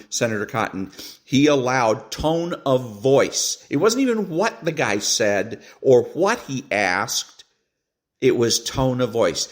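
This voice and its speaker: A middle-aged male podcast host talks through played clips in a loose, unscripted way. He rambles, restarts sentences and fills pauses with "uh" and "um". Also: medium pitch. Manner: rambling, with many fillers and restarts, pausing to acts out quotes. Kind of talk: casual political commentary on played clips.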